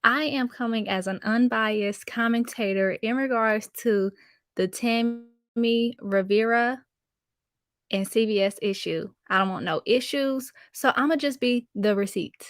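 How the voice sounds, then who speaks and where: A woman's voice: on the high side, a little slow, no room sound, studio quality. A woman hosting a casual live-stream commentary, chatting with her viewers and greeting them by name. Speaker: commentary channel host.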